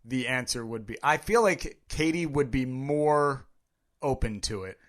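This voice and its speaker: Male podcast co-host, even middle pitch, wry teasing delivery. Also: a little slow. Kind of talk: casual chat.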